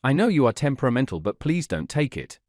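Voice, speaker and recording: A man voicing a calm family doctor who firmly scolds his old friend in a storybook. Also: mid-range voice, fast talker, no echo, clean studio sound, lightly acted. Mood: reproving. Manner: firm, reproving.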